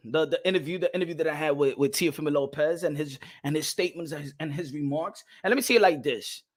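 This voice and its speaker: Man, high-pitched, fiery livestream rant, boxing channel host, Spanish-English code-switching, repeats phrases. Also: fairly bright tone. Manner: repeats himself for emphasis.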